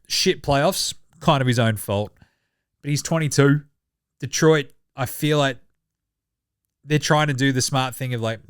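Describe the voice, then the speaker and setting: A man's voice: mid-range voice, no echo, clean studio sound. An Australian man hosting a basketball show, talking in a casual, sweary and sarcastic way, often mocking others in short impressions. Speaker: basketball podcast host. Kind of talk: casual sports commentary.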